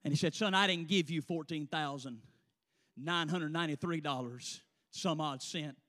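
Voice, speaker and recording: A male preacher voicing the Holy Ghost in a low, quiet, solemn way. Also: racing, big-room sound, close to an everyday voice.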